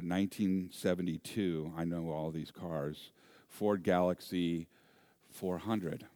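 Deep-voiced pastor telling a story. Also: male voice, no room sound, clean studio sound. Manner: animated storyteller, self-deprecating humor. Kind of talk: sermon with personal story.

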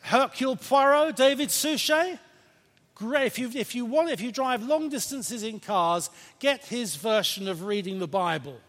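A man preaching a sermon in a church, lively and playful, with emphatic points and questions to the congregation. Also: very high-pitched, a little slow. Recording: reverberant church hall.

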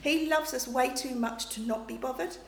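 A woman's voice: sits high, moderate pace. A middle-aged woman giving a conversational sermon, often checking in with her listeners. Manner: chatty, checks in with listeners with "okay?" and "you know". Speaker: preacher. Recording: echoey room, faint background noise.

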